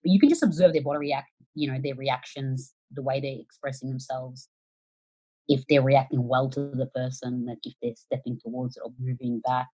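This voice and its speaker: A woman guest on a podcast giving casual conversational advice, animated and acting out quoted reactions, swearing now and then. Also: very deep voice, normal speed, slightly rough, rough recording.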